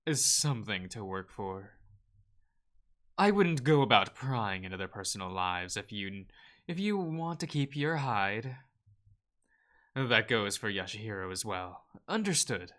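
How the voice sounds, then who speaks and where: A man's voice: on the low side, pushed and bright, full character voice. A man reading a visual novel aloud, voicing a stern, intimidating female doctor who speaks in a curt, commanding way.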